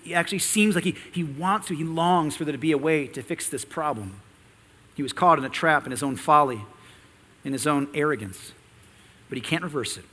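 A man's voice: a little high, sharp tone, long reverb tail. A man preaching an expository sermon, reading scripture and teaching earnestly, with rhetorical questions to the congregation. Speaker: pastor.

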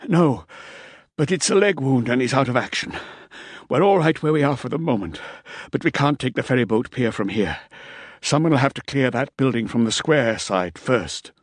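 An out-of-breath mercenary soldier, as a male narrator puts him on, reporting urgently from a pinned-down position. The voice rides slightly above the narrator's own, brisk and lively. Dry audiobook sound. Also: medium pitch, no echo, pitched above the performer's own voice, close to an everyday voice.

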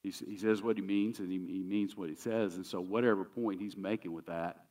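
A man's voice: sits low, fairly even intonation, brisk, a little mellow, recorded from a distance. A man pastor preaching a sermon in a conversational, emphatic way, often repeating key phrases.

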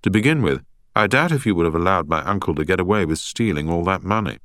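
A man's voice: deep voice, lively intonation, quick pace, a bit bright, no echo, clean studio sound. A man voicing an earnest, tired young male inmate sharing news with his cellmate.

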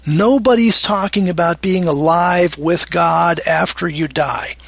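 A man's voice: a little high, unhurried, gravelly, fairly bright tone, breathy edge. A middle-aged man teaching from the Bible in a sermon, emphatic, acting out prayers in a raised, pleading voice.

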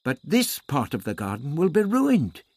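A man's voice: on the high side, wildly swooping pitch, normal speed, no echo, pitched above the performer's own voice, heavily acted. A man doing a proud Aztec warrior. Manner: stately, formal speech.

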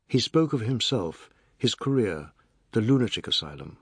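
A man narrating a novel as an audiobook in a measured, expressive reading. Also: lowish voice, husky, no room sound, studio quality.

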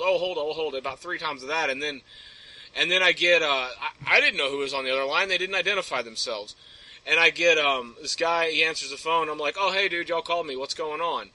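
A man's voice: fairly high pitch, bright, forceful tone, poor audio. A man telling a story as a podcast guest, ranting and rambling with plenty of swearing. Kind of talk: casual chat, storytelling.

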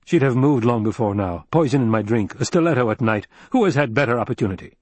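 A man's voice: medium pitch, expressive, fast talker, slightly rough, no room sound. A man reading an audiobook, voicing a stern, proud middle-aged duke who speaks in commanding, clipped lines. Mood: heated. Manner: commanding, clipped, rising to anger.

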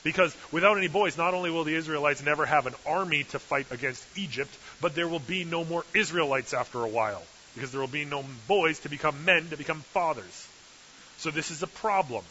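A man's voice: fairly high pitch, fairly quick, pushed and bright. A male preacher giving a sermon with humorous, sarcastic asides, in a dull lo-fi recording with hiss.

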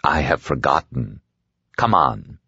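A man voicing a sinister, mocking dark man who speaks slowly in a low, menacing hush, in an audiobook. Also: very animated, creaky, slightly rough, no echo, muffled recording, exaggerated voice. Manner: slow, hushed, menacing.

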